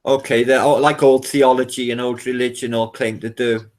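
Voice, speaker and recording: A man in loud, casual group chat on a call, swearing freely and cutting in over others. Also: mid-range voice, level tone, moderate pace. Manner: boisterous, swearing, jumps in and takes over. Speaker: participant in online group call.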